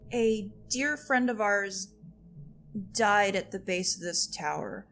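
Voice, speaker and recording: A woman player in a tabletop role-playing game, talking earnestly and a little haltingly as her character pleads for a calm conversation. Faint noise hums behind her. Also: medium pitch.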